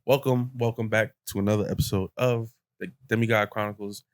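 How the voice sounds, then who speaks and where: Animated young man retelling a story. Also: fairly low pitch, fairly quick. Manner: animated retelling with lots of "like" and quoted voices. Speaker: podcast host. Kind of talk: casual chat, storytelling.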